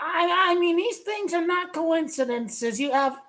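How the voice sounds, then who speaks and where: Very high-pitched shouting woman sports ranter. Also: measured pace. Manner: loud, excitable, repeats herself, often shouts. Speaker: sports vlogger. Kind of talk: ranting sports commentary.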